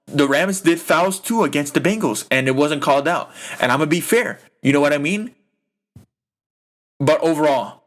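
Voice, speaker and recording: A man's voice: mid-range voice, a bit bright. A young man hosting a podcast, ranting about a football game in a heated, profane, rambling way full of fillers. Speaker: podcast host. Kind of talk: casual sports rant.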